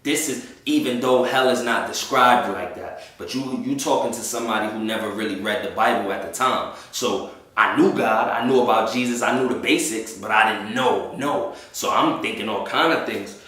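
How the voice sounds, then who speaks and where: A man's voice: lowish voice, moderate pace, a bit bright, distant mic. A man telling a personal faith testimony in a casual storytelling way, full of slang and with acted-out voices of the people in it. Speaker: testimony speaker. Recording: very echoey room.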